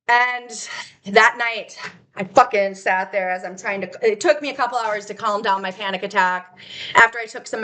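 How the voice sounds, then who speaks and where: A woman's voice: fairly high pitch, sharp tone. Agitated, swearing woman vlogger. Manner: agitated, swearing, wry laughter; rambling with many restarts. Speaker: vlogger telling her life story. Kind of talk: raw unscripted personal testimony.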